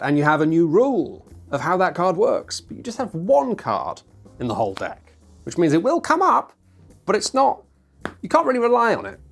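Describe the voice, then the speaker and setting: A board game reviewer talking to camera in a chatty, self-mocking way, acting out players' lines in mock voices. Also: mid-range voice.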